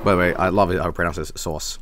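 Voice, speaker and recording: A man's voice: low voice, steady tone, fast talker, fairly bright tone, slight background noise. A man from Sweden, hosting a casual snack review stream, enthusiastic and rambling, swearing freely. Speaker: streamer host.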